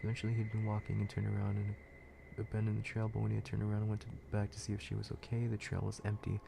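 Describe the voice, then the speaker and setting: Gravelly low-voiced man telling horror stories. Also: monotone, rapid-fire, noisy background. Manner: profane, laid-back storytelling with frequent restarts. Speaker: streamer. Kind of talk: casual horror story narration on a livestream.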